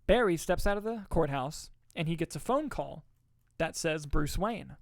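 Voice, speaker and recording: A man co-hosting a podcast, reviewing a movie in casual chat, excited and swearing often as he retells scenes. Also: fairly high pitch, normal speed, creaky, no echo, clean studio sound.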